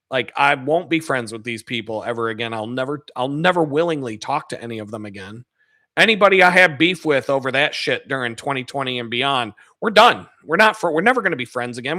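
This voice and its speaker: Brief: man, 30s, podcast host, bright tense voice, dry close mic, angry profane monologue. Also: medium pitch, no echo. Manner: profane, heated ranting with sudden shouted outbursts.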